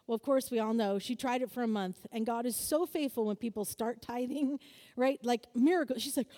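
Woman preacher, high and mellow voice, lively and talky, asks the room for answers, long hall echo. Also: moderate pace. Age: adult, married. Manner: lively, calls for audience answers, acts out quoted voices. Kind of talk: sermon-style teaching to a group.

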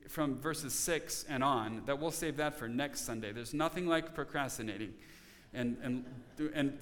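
A man's voice: fairly high pitch, a bit bright. Earnest male pastor in a reverberant church. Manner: earnest, repeats words when restarting. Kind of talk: sermon. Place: church sanctuary.

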